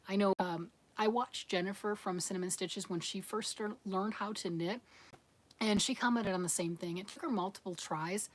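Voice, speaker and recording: A woman hosting a casual knitting livestream. She reads viewer comments aloud and rambles in a self-deprecating way, with frequent restarts. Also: medium pitch. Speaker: host of a live knitting stream.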